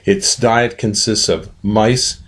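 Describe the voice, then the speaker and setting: A man's voice: lowish voice, fairly even intonation, slow, a bit bright. A man giving scripted narration with plain, slightly folksy delivery.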